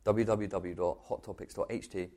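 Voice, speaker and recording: A man hosting a podcast, reading measured, scripted narration that explains and introduces clips. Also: sits low, steady tone, warm tone. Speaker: podcast host.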